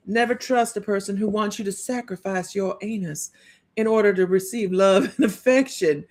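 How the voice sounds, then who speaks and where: A woman's voice: medium pitch, moderate pace, a little mellow, a little hiss or hum. A woman hosting a live psychic reading stream, chatting casually and joking, laughing often between lines. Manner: chatty, with frequent restarts.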